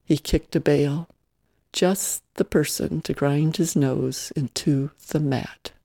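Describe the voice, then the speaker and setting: A reader narrating a novel in a steady, measured storytelling manner. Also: mid-range voice, gravelly, no room sound, clean studio sound. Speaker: audiobook reader.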